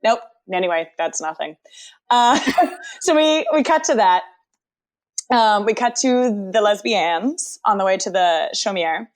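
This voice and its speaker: A woman's voice: mid-range voice, lively intonation, a little slow. A woman co-hosting a podcast who recaps TV episodes in casual chat and acts out quotes from the scenes. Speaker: podcast co-host.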